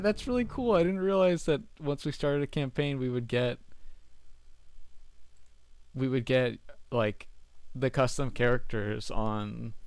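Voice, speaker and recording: Gravelly young man streaming a game. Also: mid-range voice, dry recording. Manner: rambling, restarts phrases often, laughs at mishaps. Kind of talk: casual gameplay commentary.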